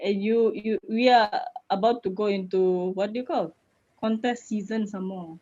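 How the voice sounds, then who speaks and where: A woman with a Malaysian accent, a public speaking coach answering questions in an online session, lively and laughing easily. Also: mid-range voice, moderate pace. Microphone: video call. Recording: lo-fi video call audio.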